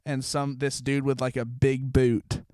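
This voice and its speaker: A man's voice: medium pitch, flat delivery, a little slow, mellow, slight background noise. A young man co-hosting a casual podcast, retelling a friend's story in a loose, rambling way. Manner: chatty, rambling retelling with fillers. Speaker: podcast co-host. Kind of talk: casual chat.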